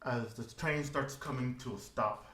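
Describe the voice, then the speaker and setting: A man narrating a tabletop game as game master, in an unhurried way with fillers. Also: mid-range voice, sharp tone, reverberant.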